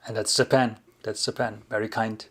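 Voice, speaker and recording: A man's voice: lowish voice, normal speed, vocal fry, breathy edge. German-accented man chatting on a livestream. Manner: relaxed, chuckling, often restarts and rephrases mid-sentence. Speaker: livestream host answering chat questions. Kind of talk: casual livestream chat.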